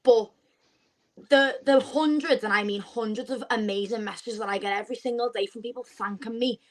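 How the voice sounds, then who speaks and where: Chatty young woman, animated storyteller. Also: on the high side, a little fast, low-quality recording. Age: 20s. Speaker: podcast guest. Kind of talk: casual chat.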